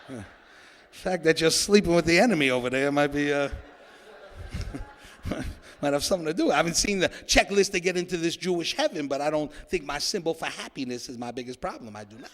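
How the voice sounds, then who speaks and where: A man's voice: on the high side, brisk. A man performing a stand-up comedy set, joking and riffing with an audience in a church hall.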